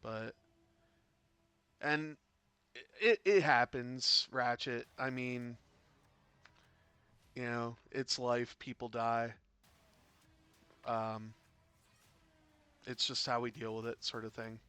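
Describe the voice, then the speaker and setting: A man casually commentating a tabletop game, rambling and chatty, breaking into sudden loud excited bursts. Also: medium pitch, slow, long pauses, clean tone. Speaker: game caster.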